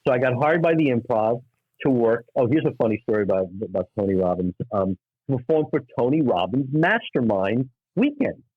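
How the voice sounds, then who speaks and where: A middle-aged man from New York, a stand-up comic telling anecdotes in an animated way and acting out the people in them. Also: mid-range voice, dry recording, phone-quality sound. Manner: acts out voices in anecdotes, quick asides. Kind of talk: animated storytelling.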